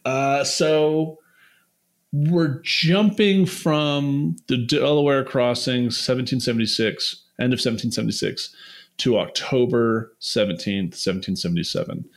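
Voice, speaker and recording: A man's voice: mid-range voice, measured pace. Giggly joking man co-hosting a podcast. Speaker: podcast co-host. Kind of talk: casual chat.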